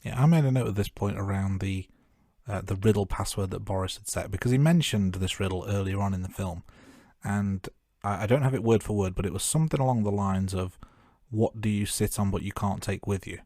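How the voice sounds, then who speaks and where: A man's voice: fairly low pitch, fairly quick, mellow, no room sound, clean studio sound. A man co-hosting a film podcast, chatting casually and joking at his own remarks. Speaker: podcast co-host. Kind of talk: casual film-review chat.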